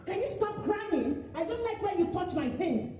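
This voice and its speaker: A woman's voice: extremely high pitch, animated, moderate pace, pitched above the performer's own voice. A woman playing an exasperated mother who scolds her child and repeats herself. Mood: scolding. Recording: very echoey, far from mic, noisy.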